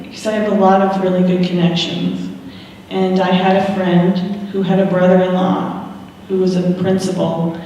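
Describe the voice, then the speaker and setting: A woman's voice: fairly low pitch, mellow, a little hiss or hum. A middle-aged woman telling her family's story frankly and with frequent laughter, speaking to an audience. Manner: frank, laughs often, acts out quoted voices. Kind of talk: candid storytelling talk. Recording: echoey hall from far off.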